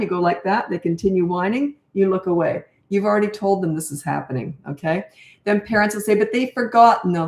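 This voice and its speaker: An older woman who works as a parenting coach fields viewer questions in a casual live Q&A, blunt and off-the-cuff, thinking aloud as she talks. Her medium-pitched voice is a little mellow, with noticeable reverb.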